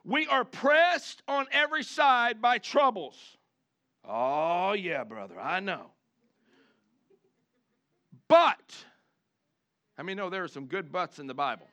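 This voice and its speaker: A man preaching a sermon, animated, switching between chatty asides and loud shouted lines, acting out the people he quotes. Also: sits high. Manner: acts out the congregation and the people he quotes. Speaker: pastor.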